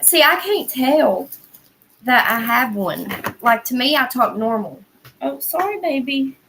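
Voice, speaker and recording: A woman's voice: fairly high pitch, animated, a little slow, vocal fry, bright, forceful tone, a little hiss or hum, rough recording. A woman with a Southern American accent hosting a casual livestream, chatting in a rambling way and answering viewers' comments. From Southern United States. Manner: rambling, chatty, heavy use of "like" and "y'all".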